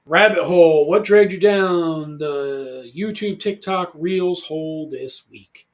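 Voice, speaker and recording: A man in his forties hosts a casual podcast chat from a studio, with a voice sitting a little higher than most men's. He tells stories with lots of energy and gets loud when he acts out what people said. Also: slow pace, slight background noise. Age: 40s. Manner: animated storyteller, loud when acting out quotes. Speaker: podcast host.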